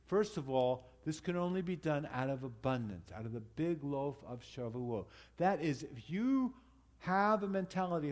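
A man with a slightly higher-pitched voice preaches to his congregation in an easy, conversational way. He pauses, restarts his phrases, and speaks directly to the people in front of him. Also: a little mellow. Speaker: congregation leader. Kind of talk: sermon.

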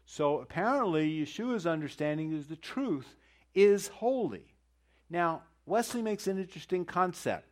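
A man's voice: fairly high pitch, very animated, measured pace. A middle-aged man teaching a conversational sermon, wandering into joking asides and rhetorical questions. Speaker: Bible teacher.

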